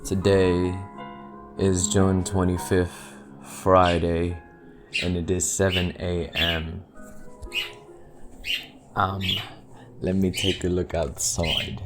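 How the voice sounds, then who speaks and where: Slow, low-voiced man rambling solo. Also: little pitch movement, over music. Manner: rambling, swears freely, laughs often. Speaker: podcast host. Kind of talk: casual solo podcast chat. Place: home by a window.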